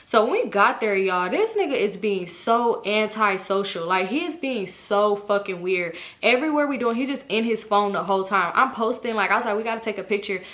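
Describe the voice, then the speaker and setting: A young woman casually telling a personal story to her viewers, animated, swearing freely and acting out what other people said. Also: mid-range voice, a little fast, few pauses. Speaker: storytime vlogger.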